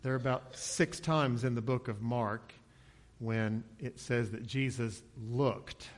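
Man, preacher, sermon, conversational, mid-pitched voice, acts out quotes. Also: fairly even intonation, slow. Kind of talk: expository sermon.

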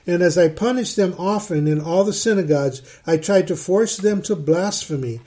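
A man's voice: sits high, warm tone. A man, a middle-aged pastor, reading Bible verses and explaining them in a conversational teaching style, often repeating words as he thinks.

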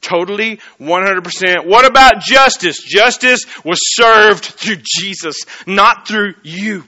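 A man preaching a sermon, swinging between loud emphatic peaks and low hushed stretches. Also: slow pace.

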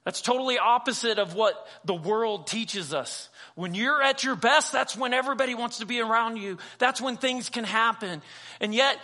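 Male pastor, lively conversational sermon, bright voice, acts out dialogue. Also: extremely high pitch. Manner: humorous asides.

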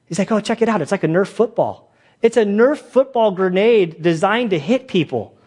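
Chatty, animated preacher man. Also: high voice, normal speed, husky. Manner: animated storytelling, acts out quoted voices; loose, chatty phrasing with many fillers. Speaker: pastor and police chaplain. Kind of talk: conversational sermon.

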